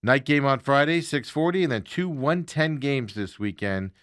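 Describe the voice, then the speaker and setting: A man's voice: medium pitch, expressive, normal speed, fairly bright tone, smooth, no room sound, studio quality. A man hosting a casual sports talk show, rambling along with lots of fillers and chuckling asides.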